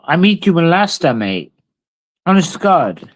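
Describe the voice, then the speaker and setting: A brash man, swearing freely and bickering with his live chat. His voice sits a touch high, loose and conversational, like someone reading comments aloud and firing back. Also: very animated, normal speed. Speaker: livestreamer. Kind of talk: casual live-stream chat.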